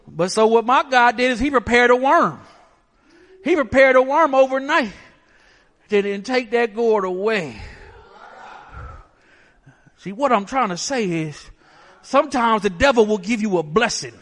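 A man's voice: very high voice, animated, a little slow, long pauses, fairly bright tone. A man preaching a sermon emphatically, asking the listeners rhetorical questions. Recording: long hall reverb.

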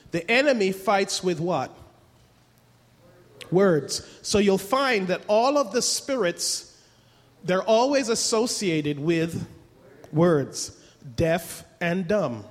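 A man preaching a sermon, emphatic, asking rhetorical questions and repeating his points. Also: sits high. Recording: long hall reverb.

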